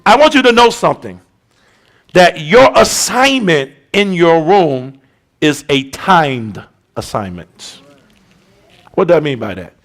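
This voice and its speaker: Gravelly, fiery preacher man. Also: fairly high pitch, very animated, slow, long pauses. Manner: shouting, rhythmic preaching with colloquial asides. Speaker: bishop preaching. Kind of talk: sermon.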